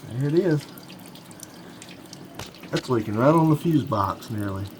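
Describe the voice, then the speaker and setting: Filming on a handheld phone outdoors, a mechanic who hosts his own channel explains a car repair in a folksy, hands-on demonstration. His medium-pitched voice is animated, a little slow and slightly mellow, with faint background noise.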